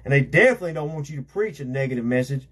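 A man's voice: mid-range voice, animated, very fast, fairly bright tone, slightly rough. A man preaching a conversational sermon as an evangelist, repeating himself and filling with "you know".

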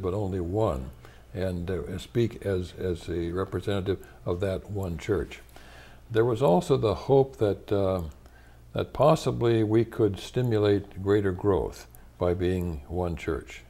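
Older man with a low, mellow voice. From United States. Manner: measured and thoughtful, with frequent pauses and restarts. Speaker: interviewee, retired church leader. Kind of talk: reflective interview answers.

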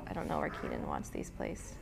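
A woman's voice: very deep voice, wildly swooping pitch, fairly quick, vocal fry. Young woman, art tutorial host, casual and chatty, ums and restarts, faint room hum. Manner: chatty, laughs easily, many ums and restarts.

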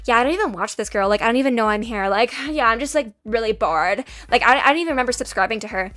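A woman's voice: fairly high pitch, expressive, quick pace, a bit bright, dry recording. Woman mimicking a whiny entitled influencer girl. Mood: dismissive.

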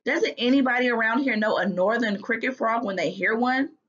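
A woman voicing an excitable young boy obsessed with frogs in a storybook read-aloud, talking eagerly. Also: a little high, brisk, dull audio, close to an everyday voice.

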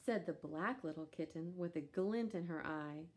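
A woman reading a children's picture book aloud in a gentle, lively storytelling manner with animal sounds. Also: on the low side, moderate pace, hardly any pauses. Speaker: storybook reader.

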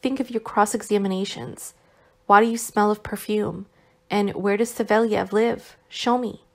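A woman voicing a gentle, worn-out young man who is still recovering, speaking tenderly with some reproach, in an audiobook reading. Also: mid-range voice, fairly even intonation, normal speed, lightly acted. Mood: tender, reproachful.

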